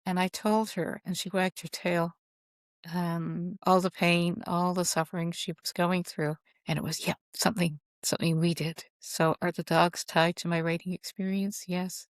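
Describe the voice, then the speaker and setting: A woman with a fairly low voice tells heartfelt stories in a casual interview, wandering from thought to thought and restarting sentences as she goes. The sound is dry and close, with no room around it. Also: level tone, no room sound. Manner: rambling, heartfelt, halting restarts. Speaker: author guest. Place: at home.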